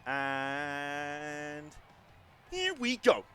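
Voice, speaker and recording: A man's voice: a little high, very animated, extremely slow, fairly bright tone, soft background music. A man chatting casually and self-deprecatingly as he live-streams a racing game, wandering into side stories.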